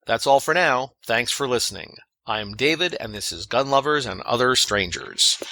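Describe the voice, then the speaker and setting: A man presenting his own scripted podcast segment, reading it in a measured way. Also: medium pitch, animated. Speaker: segment contributor.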